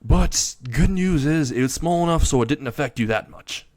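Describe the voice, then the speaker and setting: A man's voice: a little high, expressive, moderate pace, a little mellow, no echo, studio quality, pitched above the performer's own voice, close to an everyday voice. A man voicing a cocky young male vampire who mocks his enemies with joking quips, in a casual retelling of a fan story. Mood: mocking.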